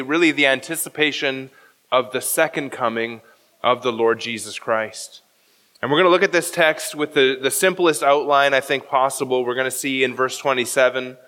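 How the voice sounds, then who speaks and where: Bright-voiced pastor preaching in a hall. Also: male voice, mid-range voice. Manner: expository, explains Greek text verse by verse. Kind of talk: sermon.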